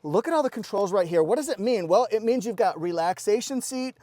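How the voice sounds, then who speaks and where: A man's voice: high voice, animated, fairly quick, a little mellow, no echo. A middle-aged man giving an upbeat, enthusiastic walkaround review of a car at a dealership, exclaiming as he points out features.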